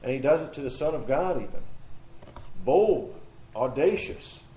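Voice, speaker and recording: Mellow-voiced man teaching a Bible study. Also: medium pitch, expressive, a little slow, reverberant, rough recording. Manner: earnest, repeats phrases, asks rhetorical questions. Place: church meeting room.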